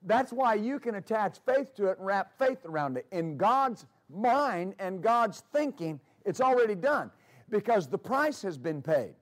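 A high-voiced man delivers a sermon as a pastor. He repeats key phrases for emphasis and slips into storytelling with fillers. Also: very animated, unhurried. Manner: preaching with emphatic repetition.

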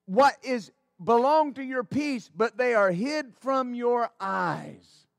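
High-pitched guy preaching, all fired up, stumbles over words, dry sound. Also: lively intonation, slow, vocal fry, no room sound. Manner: fervent, exclaiming praise, stammering restarts. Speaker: pastor. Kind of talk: sermon.

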